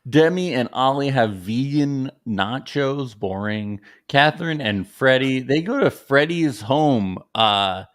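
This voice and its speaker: A man co-hosting a casual podcast recap, chatty and lively, acting out quotes in a raised voice. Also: medium pitch, slow pace, few pauses. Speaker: podcast co-host.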